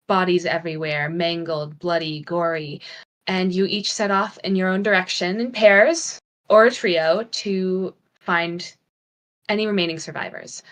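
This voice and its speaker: Dramatic woman game master. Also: medium pitch. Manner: dramatic, drops to a hush for suspense. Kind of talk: narrating a tabletop game.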